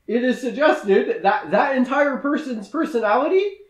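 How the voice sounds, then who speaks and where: Guy with a high lively voice rambling about a movie, lots of swearing, echoey room. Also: moderate pace. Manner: laughing, profane, rambling with fillers. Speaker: podcast co-host. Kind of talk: casual movie recap chat.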